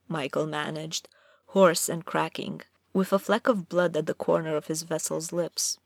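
A woman's voice: low-pitched, fairly even intonation, unhurried, creaky, no room sound, studio quality. A woman narrating a dramatic fantasy story aloud, reading expressively.

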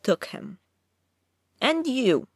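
A woman's voice: big pitch swings, drawn-out words, slightly rough, no echo, clean studio sound, exaggerated voice. Woman voicing a sly mocking trickster god. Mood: scornful. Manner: mocking, amiable then low and dangerous.

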